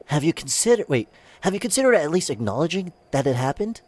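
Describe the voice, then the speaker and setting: A man's voice: on the high side, sing-song, quick pace, darkish tone, a little hiss or hum, voice pushed up. A man voicing a blunt teasing game friend. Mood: skeptical. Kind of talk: reading game dialogue aloud.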